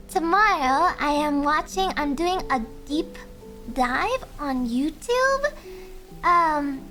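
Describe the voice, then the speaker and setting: A young woman streaming, chatting casually with her viewers in a soft, high, giggly voice. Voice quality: high voice, speaking softly. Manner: giggly, chatty, reads chat aloud. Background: faint background music.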